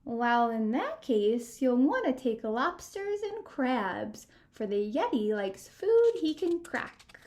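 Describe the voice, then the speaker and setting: A woman's voice: fairly high pitch, sing-song, takes it slowly, few pauses, darkish tone. A woman voicing an exasperated, howling female monster in a storybook read-aloud. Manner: exasperated, drawn out.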